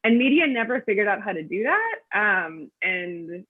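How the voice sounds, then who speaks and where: A woman's voice: mid-range voice, very animated, moderate pace, breathy edge. A woman, a guest author, tells chatty, rambling stories full of ums and restarts over a video call. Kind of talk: casual storytelling answers. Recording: tinny phone-like line.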